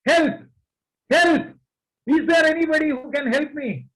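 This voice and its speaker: This is a frantic man clinging to a branch on a cliff, as a preacher acts him out in a sermon story. He begs and pleads in a very high, strained voice. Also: slow, a bit bright, full character voice, poor audio. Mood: desperate. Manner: pleading, panicky.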